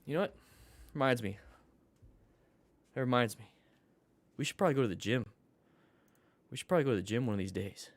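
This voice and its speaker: A man's voice: mid-range voice, lively intonation, brisk, pauses often, dry recording. A man teaching a live-streamed motorcycle class, joking with viewers and coaching in an upbeat way. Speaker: motorcycle riding instructor. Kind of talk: live-streamed class reviewing riding videos.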